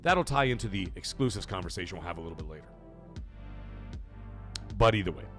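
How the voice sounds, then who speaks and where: A man in his thirties hosting a live gaming stream, chatting and reading viewer super chats, breaking into loud excited shouts. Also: deep voice, brisk, soft background music. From Canada. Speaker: host of a gaming livestream.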